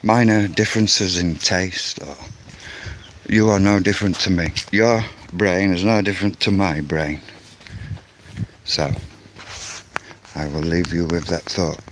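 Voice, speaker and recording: A man's voice: deep voice, fairly even intonation, a little slow, long pauses, slight background noise. A man giving an angry, insistent vlog rant, often repeating words as he goes. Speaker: vlogger. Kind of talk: ranting vlog monologue.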